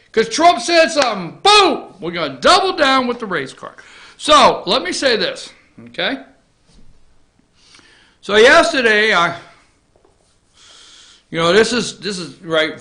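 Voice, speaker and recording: A male talk-show host holding forth from his office in a bright, tense voice pitched a bit high. He talks bluntly and sarcastically, wandering into rambling asides. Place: office studio.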